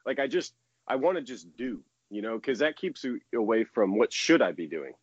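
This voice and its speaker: A man in his thirties, a baseball pitcher from the United States, chatting as a guest in a casual interview, rambling and laughing often. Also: big pitch swings, normal speed, breathy edge, no echo, lo-fi sound.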